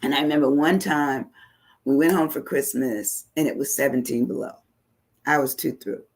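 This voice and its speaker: She speaks at a normal speed in a deep voice. As host of an online talk show, she reads out viewer comments and muses on them casually, often saying "you know."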